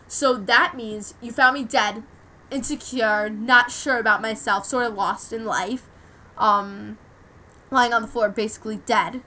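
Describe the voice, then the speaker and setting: A woman's voice: on the high side, steady tone, a little slow, pushed and bright, rough recording. A teenage girl from the United States telling a rambling, heartfelt story in a personal vlog, full of "like"s. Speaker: vlogger.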